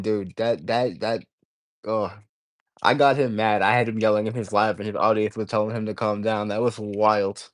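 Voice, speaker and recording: A man's voice: medium pitch, a little mellow, no room sound. A man hosting a casual livestream, rambling in stops and restarts as he talks to his viewers. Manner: rambling, stop-start, reading out chat comments. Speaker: livestream host.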